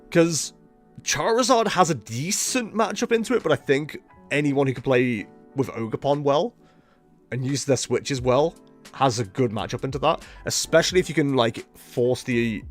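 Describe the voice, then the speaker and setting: Chatty, lively-voiced male streamer. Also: medium pitch. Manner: chatty, rambling, self-mocking. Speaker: streamer playing a card game. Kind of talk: casual live-stream commentary. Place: at home.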